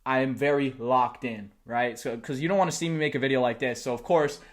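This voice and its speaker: A young man vlogging about college football, talking live and out of breath, excited and rambling. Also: mid-range voice, brisk. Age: young adult. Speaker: sports vlogger. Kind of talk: live unscripted vlog reaction. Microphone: close mic, camera and laptop.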